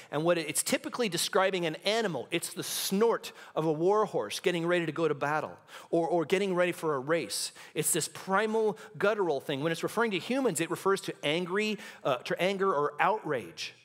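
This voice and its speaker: A male pastor preaching a sermon in a church, impassioned and building to dramatic intensity. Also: a little high. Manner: acts out quoted lines in hushed and shouting voices. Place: church sanctuary.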